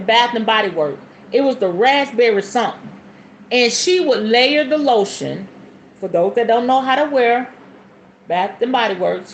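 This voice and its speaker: Podcast host, woman, 40s, lively and talky, slightly high pitch, light background noise. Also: roomy sound, poor audio. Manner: chatty, animated, calls listeners honey and y'all; sudden whoops and shifts between fast and slow. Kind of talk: casual spiritual podcast chat.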